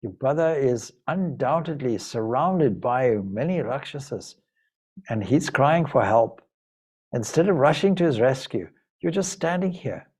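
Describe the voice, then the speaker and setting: A man's voice: animated, unhurried, darkish tone, slightly rough. A man voicing a distraught young princess from an epic, pleading and then hurling accusations. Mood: frantic. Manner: pleading, pitch rising high in agitation.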